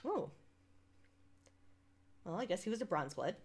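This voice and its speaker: A woman's voice: mid-range voice, sing-song, measured pace, husky. A young woman streaming a visual novel, chatting casually and reading the text aloud, rambling and laughing at herself. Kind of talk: casual let's-play chat and reading aloud.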